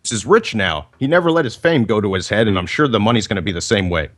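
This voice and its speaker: A man's voice: lowish voice, lively intonation, fast, fairly bright tone. A man on a breaking-up internet call reads prepared roast jokes and chuckles between them. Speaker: caller reading roast jokes. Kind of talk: reading prepared roast jokes, laughing at his own lines.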